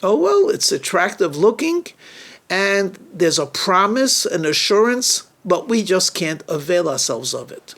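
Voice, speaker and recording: A man's voice: high-pitched, very animated, measured pace, fairly bright tone, full character voice. A man voicing the first woman of a sacred story, hesitant and wistful as she talks with her husband.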